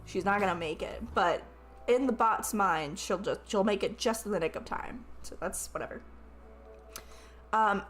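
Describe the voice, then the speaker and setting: A woman's voice: medium pitch, lively intonation, unhurried, a bit bright, soft background music. A woman streaming a tabletop-style game, reading the narration aloud, swearing often, laughing and asking how to pronounce words. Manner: swears often, laughs, questions her own pronunciation. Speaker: streamer playing a game with an AI game master.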